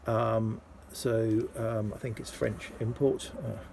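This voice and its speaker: A man's voice: little pitch movement, slow, darkish tone, slight background noise. A man chatting casually about his record finds, hesitant, with lots of ums and restarts. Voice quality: low gravelly husky voice. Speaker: vinyl collector vlogger. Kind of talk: casual rambling show-and-tell.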